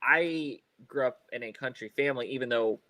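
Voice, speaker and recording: A man's voice: medium pitch, moderate pace, pushed and bright, no room sound. A man co-hosting a podcast in casual chat. He rambles with many fillers and restarts, laughs often, and stutters now and then. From Ohio. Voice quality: occasional stutter. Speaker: podcast co-host.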